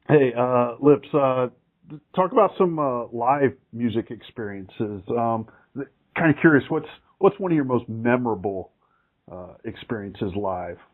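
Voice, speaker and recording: A man's voice: mid-range voice, a little slow. A male interviewer asking casual questions with plenty of fillers. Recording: tinny phone line.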